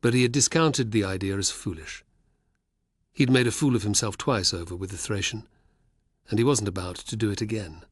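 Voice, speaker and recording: A man narrating an audiobook in a measured, even way. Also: lowish voice, husky, no echo, clean studio sound. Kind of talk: scripted narration.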